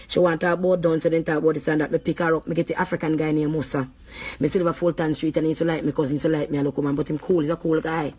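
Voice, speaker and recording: A woman's voice: sits low, level tone, rapid-fire, darkish tone. A woman with a Jamaican accent telling a story as a heated, profane vlog rant. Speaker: vlogger.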